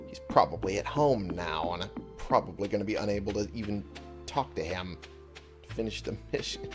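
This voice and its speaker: A man's voice: fairly low pitch, normal speed. A man giving casual gameplay commentary, muttering and swearing to himself in frustration. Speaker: let's play gamer. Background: game music.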